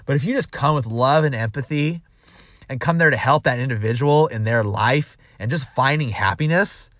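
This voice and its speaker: A man's voice: medium pitch, moderate pace, fairly bright tone, dry recording, studio quality. A man giving casual advice as a sales manager, rambling with restarts and acting out quoted dialogue.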